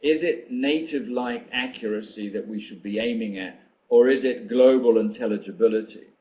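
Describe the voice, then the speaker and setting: An older man hosting a live online teacher-training session, musing aloud over comments from viewers. His voice sits at an ordinary pitch, and he talks in a reflective, unhurried way, pausing with ums as he thinks. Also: mellow, poor audio. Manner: thoughtful, reflective, with frequent ums and pauses. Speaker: teacher trainer giving a webinar. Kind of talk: live webinar talk reading out participant comments.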